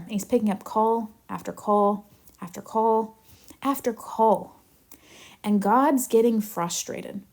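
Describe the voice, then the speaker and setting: A woman manifestation coach teaching in a live Q&A, animated and chatty as she tells stories. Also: mid-range voice.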